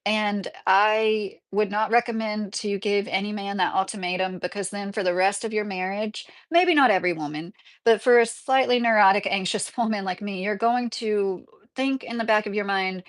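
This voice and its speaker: A woman's voice: medium pitch, moderate pace. Chatty middle-aged woman livestreaming. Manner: chatty and rambling, lots of "like" and "um", laughs often. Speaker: livestreamer answering chat. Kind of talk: casual livestream chat.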